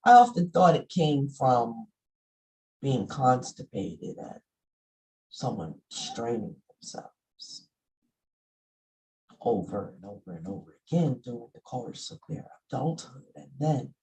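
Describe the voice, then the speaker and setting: Slow, mellow-voiced middle-aged woman vlogger. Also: a bass voice, sing-song, rough recording. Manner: folksy and conversational, with sudden emphatic outbursts. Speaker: essential oils vlogger. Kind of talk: casual spiritual teaching monologue.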